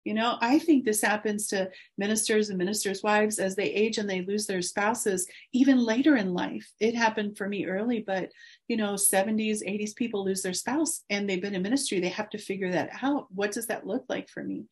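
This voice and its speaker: Husky earnest woman sharing her faith. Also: medium pitch, a little fast. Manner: earnest, encouraging, with soft laughs. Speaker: guest. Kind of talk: faith testimony interview.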